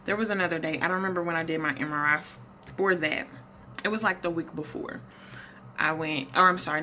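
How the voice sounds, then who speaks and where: A young woman talks at her desk in a low voice with a forceful, bright edge and a gravelly fry. She rambles and corrects herself as she retells her story, a touch out of breath. A faint noise floor sits under the recording. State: slightly out of breath. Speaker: vlogger. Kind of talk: casual health update vlog.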